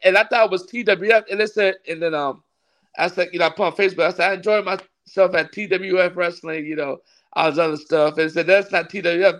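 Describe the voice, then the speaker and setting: A man, a pastor and wrestling ring announcer, telling a story in a casual interview, animated and laughing often as he acts out what others said. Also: high-pitched, fast talker. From California.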